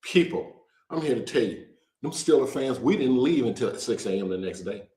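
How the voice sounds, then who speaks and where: A man hosting a casual show, talking to viewers in an animated, joking way and drawing out words for emphasis. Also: mid-range voice, normal speed, roomy sound, low-quality recording. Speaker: host. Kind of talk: casual direct-to-camera promo talk.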